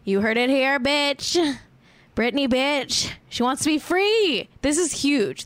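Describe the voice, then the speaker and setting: A young woman hosting a podcast, a little tipsy and chatting casually. She rambles and giggles, full of fillers, and her pitch swings up and down a lot. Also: lively intonation, slow, long pauses, no echo. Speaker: podcast host. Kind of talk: casual chat.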